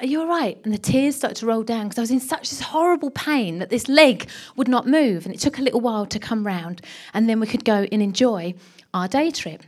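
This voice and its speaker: A middle-aged woman preaching a sermon and telling a story with animated delivery, often dropping to a hushed whisper for emphasis. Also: on the high side, slightly rough.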